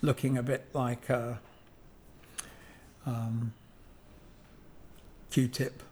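A man's voice: medium pitch, little pitch movement, drawn-out words, a little mellow, slight background noise. An Englishman in his seventies talking about objects in a reflective, digressive way, full of ums and self-corrections. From England. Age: 70s. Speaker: guest sculptor. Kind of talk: reflective conversational monologue.

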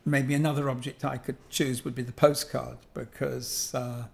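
A man's voice: mid-range voice, level tone, moderate pace, vocal fry, a little mellow. Older English man musing at length. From England. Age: 70s. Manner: musing, digressive, with many ums and self-corrections. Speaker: guest sculptor. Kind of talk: reflective conversational monologue.

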